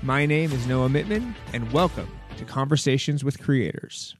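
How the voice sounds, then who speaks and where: A man reading his podcast's scripted intro in a measured, rhetorical way. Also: medium pitch, animated. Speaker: podcast host. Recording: intro over loud music. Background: loud music.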